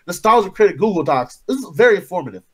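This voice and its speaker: A man's voice: sits high, big pitch swings, quick pace, crowd noise. A man co-hosting a casual online chat show, crude and joking. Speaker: co-host.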